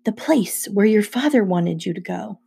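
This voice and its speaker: A woman's voice: mid-range voice, lively intonation, moderate pace, creaky, dark tone, slightly rough. A woman voicing a tense, protective mother who pleads urgently.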